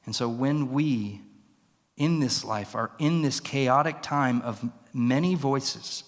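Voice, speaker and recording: A man's voice: mid-range voice, slow. A male pastor telling a story in a sermon, vividly acting out the voices in it. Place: church sanctuary. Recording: long reverb in a church hall.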